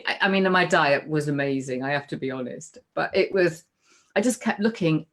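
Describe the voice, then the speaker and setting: A middle-aged woman with a somewhat low voice talks through a personal story in a relaxed, conversational way. She gets animated as she goes, often restarting her sentences and acting out what she thought at the time. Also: moderate pace. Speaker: guest. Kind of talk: casual conversation.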